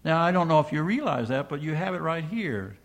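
A man's voice: a little high, animated, fairly quick. An older man preaching a sermon, reading scripture aloud and asking his listeners questions he then answers himself. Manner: emphatic, asks the congregation rhetorical questions.

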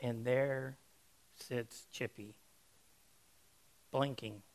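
Slow, folksy male preacher telling a story. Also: mid-range voice, steady tone, a little hiss or hum. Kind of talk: storytelling sermon.

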